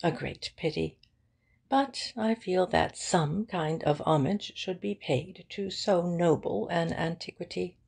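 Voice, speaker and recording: A woman's voice: fairly low pitch, slow pace, gravelly, a little mellow, breathy edge, exaggerated voice. A woman reading the part of a fussy, courteous elderly male solicitor in a precise, old-fashioned way.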